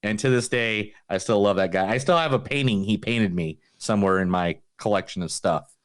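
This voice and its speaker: A man's voice: lowish voice, a little fast. A man in his forties, a podcast co-host, telling a story in casual chat, swearing freely and throwing in sound effects.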